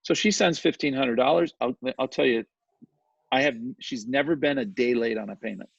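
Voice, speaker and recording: Male interview guest, gravelly, animated storyteller, dull lo-fi dry recording. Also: mid-range voice, moderate pace, no echo. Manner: animated, chatty, often asks "right?". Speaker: guest, real estate developer.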